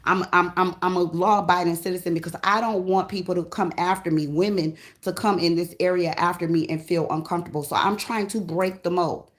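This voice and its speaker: A woman's voice: on the low side, steady tone, brisk, few pauses. Blunt, profane woman tarot reader. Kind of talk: casual spiritual reading monologue.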